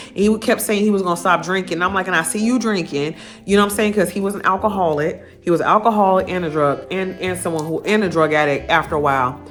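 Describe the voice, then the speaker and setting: An adult woman speaks, recounting her own story to camera in a blunt, profane and animated way. Her pitch sits mid-range for a woman. Soft guitar music plays faintly underneath her. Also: fast talker. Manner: candid, profane, animated retelling. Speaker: vlogger.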